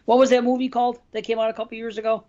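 A man's voice: very high-pitched, level tone, rapid-fire, dark tone, muffled recording. A man co-hosting a podcast, rambling in casual, heavily profane chat. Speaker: podcast co-host.

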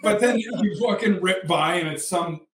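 A man's voice: sits high, moderate pace, distant mic, slight background noise. A young man co-hosting a casual podcast, venting with heavy swearing. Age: young adult. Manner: profane, irritated venting. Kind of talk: casual chat. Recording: roomy, off-mic.

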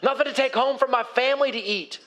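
A man's voice: very high-pitched, quick pace, fairly bright tone, pitched above the performer's own voice. A man playing a weary, cranky fisherman who complains in an exasperated, sarcastic way after a night of work.

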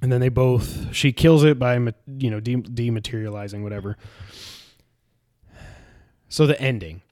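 A man's voice: mid-range voice, moderate pace. A man in casual chat, recapping a show and acting out its scenes in a raised voice. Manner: animated retelling, acts out scenes in a raised voice.

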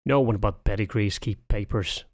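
A man voicing a snarky, defensive young male cattle dog who talks bluntly and gruffly, in an audiobook reading. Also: medium pitch, moderate pace, no room sound, clean studio sound, natural voice.

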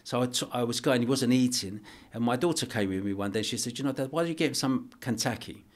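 A middle-aged man, a guest on a podcast interview, telling a personal story in an earnest, halting way with many restarts. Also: mid-range voice. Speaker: archbishop and boxing coach, guest.

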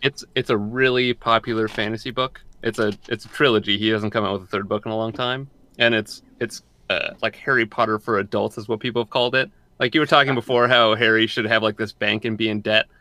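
A man's voice: fairly low pitch, steady tone, fairly quick, few pauses, bright, forceful tone, dry recording. A young man co-hosting a podcast, chatting casually and rambling, often repeating and restarting his words. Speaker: podcast co-host.

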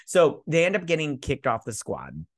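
A man's voice: fairly high pitch, wildly swooping pitch, moderate pace, no echo, clean studio sound. A man co-hosting a casual movie-review chat, tipsy from drinking and talking in a mocking, profane way. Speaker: podcast co-host.

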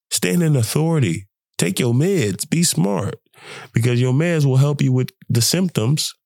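A young man hosting a podcast, sick with the flu, talking in an animated, preachy way and laughing often. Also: mid-range voice, normal speed, creaky, dry recording. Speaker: podcast host. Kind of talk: casual motivational monologue.

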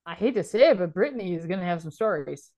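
A woman's voice: lowish voice, lively intonation, quick pace, darkish tone. Teasing, giggly woman podcast co-host. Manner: laughing often, teasing. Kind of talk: casual chat.

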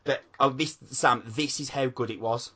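A man co-hosting a podcast, chatting excitedly and swearing constantly. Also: mid-range voice, moderate pace, very noisy. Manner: excitable, swears a lot, calls people mate. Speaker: podcast co-host. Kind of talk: casual chat.

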